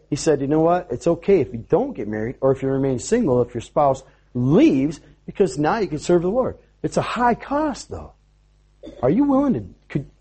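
A man preaches a sermon in a somewhat high, husky voice. His pitch swings widely as he tells his story with animation, stumbling and restarting his words along the way. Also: warm tone. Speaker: pastor.

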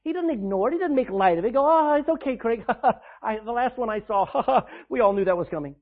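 Man preaching to his church, fairly high voice, sounds thin like over a phone, gets loud then drops soft. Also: lively intonation, narrow, tinny audio. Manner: preaching with emphatic swings in volume, reading scripture slowly. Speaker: pastor. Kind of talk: sermon. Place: church sanctuary.

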